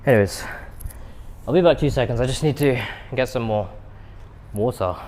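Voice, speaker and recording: A man's voice: mid-range voice, fairly quick, darkish tone, a little hiss or hum. A young British man chatting casually to his viewers between sets in an indoor gym, rambling with self-deprecating asides. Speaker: fitness vlogger.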